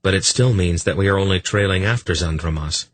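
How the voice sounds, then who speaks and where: A man's voice: low voice, brisk. A man doing an anxious young king. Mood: worried. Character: urgent young male king, worried.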